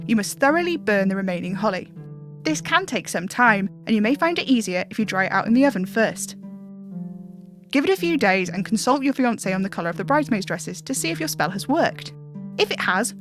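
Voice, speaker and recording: A woman's voice: mid-range voice, lightly acted. A woman voicing an earnest, matter-of-fact stand-in male radio advice host who over-explains things, in an audio drama. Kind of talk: scripted audio drama monologue.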